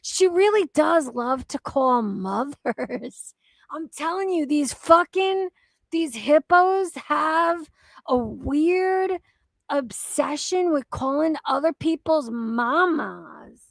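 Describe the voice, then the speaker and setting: A young woman with a high voice rants through reaction commentary, swearing freely, exasperated and mocking. She takes her time, leaning on her words slowly. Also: lively intonation, creaky, no echo. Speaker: commentary channel host.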